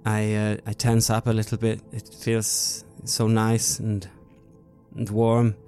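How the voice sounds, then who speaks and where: A man's voice: fairly low pitch, monotone, slow pace, darkish tone, soft background music. A man playing a tabletop role-playing game in character, stammering and hesitant. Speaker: player.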